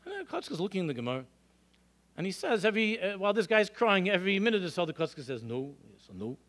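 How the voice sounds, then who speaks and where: Bright-voiced rabbi telling stories. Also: male voice, sits high, quick pace. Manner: animated storytelling with rhetorical questions. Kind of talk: lecture to a congregation. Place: synagogue hall.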